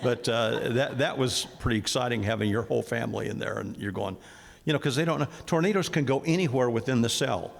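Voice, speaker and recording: An older man from Kansas, a former storm chaser, telling stories in a relaxed, matter-of-fact way on a panel. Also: mid-range voice, fast, gravelly. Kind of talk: casual panel storytelling. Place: event hall panel. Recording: long hall reverb.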